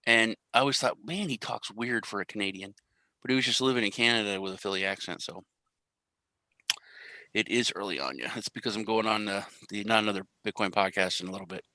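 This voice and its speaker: A man's voice: fairly low pitch, fast talker, bright, forceful tone, dry recording, rough recording. A young man hosting a casual crypto live stream, rambling and joking at his own expense. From US Central Time Zone. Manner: rambling, jokey, self-deprecating. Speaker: crypto show host.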